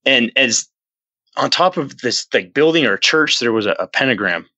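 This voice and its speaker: A man telling a personal story as a podcast guest, earnest and rambling, with many restarts, jumping up in pitch when he acts out his own past lines. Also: expressive, moderate pace, pushed and bright, no echo, low-quality recording. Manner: earnest, rambling retelling with frequent restarts and fillers. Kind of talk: casual storytelling in an interview.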